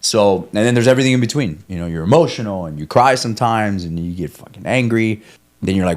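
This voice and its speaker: This young man, an ultramarathon runner appearing as a podcast guest, speaks animatedly and quickly in a lowish voice. Telling a running story in candid conversation, he rambles, swears, coaches himself, and keeps restarting sentences.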